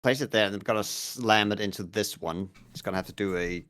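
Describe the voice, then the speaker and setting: Sex: man. Role: tabletop game player. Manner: halting, lots of "uh". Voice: very deep, faint hiss behind. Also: fairly bright tone. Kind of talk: casual tabletop game talk.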